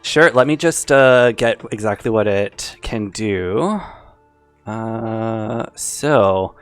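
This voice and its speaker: A man running a tabletop game as game master, reading out rules in a relaxed way and laughing often. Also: fairly low pitch, drawn-out words, clear, resonant tone, no echo, faint music behind.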